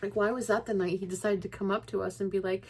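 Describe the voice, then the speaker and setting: A woman's voice: medium pitch, flat delivery, quick pace, husky. Young woman vlogging, rambling and grieving. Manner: rambling, many likes and restarts. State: grieving, on the verge of tears. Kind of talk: casual personal vlog.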